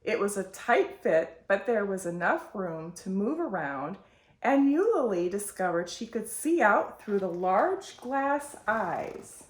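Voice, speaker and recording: Woman reading a storybook aloud, slow and lively pitch, roomy echo. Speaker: storytime host. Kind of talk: reading a picture book aloud.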